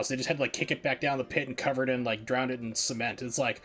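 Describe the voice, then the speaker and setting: A man's voice: medium pitch, steady tone, very fast, a bit bright, soft background music. A man streaming a speedrun, chatting casually and rambling with lots of fillers. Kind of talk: casual chat while gaming.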